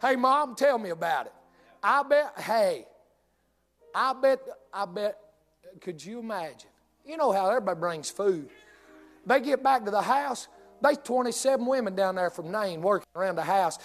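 Male preacher, high-pitched, animated folksy storyteller; faint music bed. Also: normal speed. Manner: folksy, animated, drawling delivery with dialect. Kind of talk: humorous storytelling sermon.

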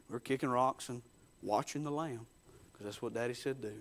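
A man preaching a dramatic storytelling sermon, folksy, swinging from hushed murmurs to loud bursts. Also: a little high, very animated, a little fast.

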